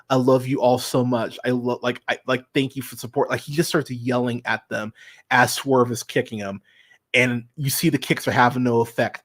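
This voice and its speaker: Excited swearing man reviewing wrestling. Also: mid-range voice. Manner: enthusiastic, swears often, lots of fillers. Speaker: podcast host reviewing wrestling. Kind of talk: casual solo review, profane and excited. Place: his room at home.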